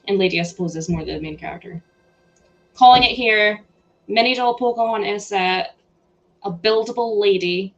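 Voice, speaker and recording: A young woman hosting a live stream, chatting excitedly and laughing as she builds a toy set. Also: medium pitch, normal speed, pauses often, lo-fi sound, soft background music. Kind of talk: casual chat while building a toy set.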